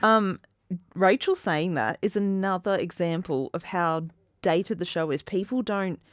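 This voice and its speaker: A woman's voice: fairly low pitch, a little slow, no room sound, clean studio sound. A woman in her thirties co-hosting a casual podcast, an enthusiastic fan who giggles often as she talks. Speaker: podcast co-host.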